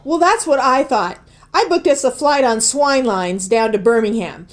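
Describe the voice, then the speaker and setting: A woman's voice: fairly high pitch, moderate pace, natural voice. An actress playing a flustered, stammering small-town woman in a comic radio soap.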